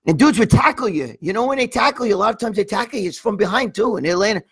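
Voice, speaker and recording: A middle-aged man telling crude stories on a livestream, loose and rambling, with a lot of cursing. His voice sits high for a man and has a husky, raspy edge. He keeps circling back with "you know what I mean?". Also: expressive, fast talker, fairly bright tone. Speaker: livestream host reading viewer comments. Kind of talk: crude casual storytelling.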